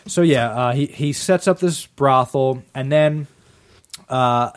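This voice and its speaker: A man's voice: medium pitch, slow pace. Joking man recapping a movie. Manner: joking, summarizes plot with fillers. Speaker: podcast host recapping a film. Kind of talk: casual film discussion.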